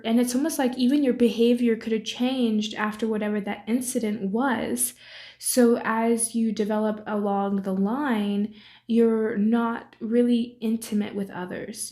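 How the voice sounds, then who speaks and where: A woman's voice: on the high side, dark tone. A young woman giving a casual tarot reading to camera, talking freely with many fillers and tag questions. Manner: chatty, many fillers, ends points with 'right?'. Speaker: tarot reader.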